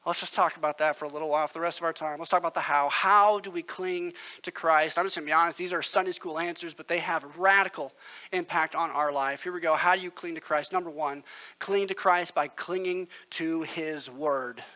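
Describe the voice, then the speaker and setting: A man's voice: a little high, fairly even intonation, brisk, bright, forceful tone, rough recording. A male pastor, preaching a sermon in an earnest, conversational storytelling manner.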